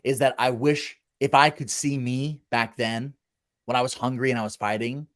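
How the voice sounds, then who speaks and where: A man's voice: medium pitch, fairly even intonation, moderate pace. A man in his thirties hosting a casual podcast, talking bluntly with lots of swearing and acting out voices from his past. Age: 30s. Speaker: podcast host and former college football walk-on.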